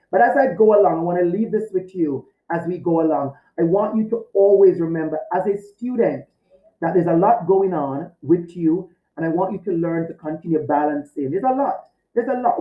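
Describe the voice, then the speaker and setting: His voice sits high, and the lo-fi sound carries the echo of the room. Speaking straight to the camera for a video course, this teacher talks to his students with sincerity, returning again and again to his main phrases.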